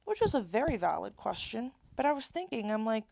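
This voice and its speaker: A woman's voice: on the high side, sing-song, brisk, vocal fry, darkish tone, no echo. A woman in her twenties talking straight to camera in a rambling, candid monologue, often breaking off and restarting her sentences. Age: 20s. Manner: rambling, self-interrupting, candid. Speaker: vlogger. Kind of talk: casual confessional monologue.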